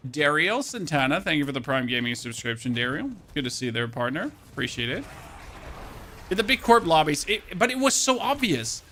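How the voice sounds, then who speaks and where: A man's voice: on the high side, big pitch swings, a little fast, pushed and bright, slight background noise. A man from Germany chatting casually while streaming a game, rambling and often repeating words as he thanks subscribers. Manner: reads out and thanks chat subscribers. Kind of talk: casual live-stream chat while gaming.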